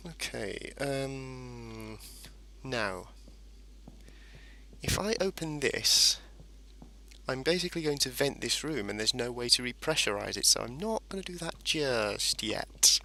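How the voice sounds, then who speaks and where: A man's voice: medium pitch, expressive, takes it slowly, sharp tone. A man casually commentating a space game as he plays, rambling and explaining each step. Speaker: gameplay commentator. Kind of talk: casual let's-play commentary.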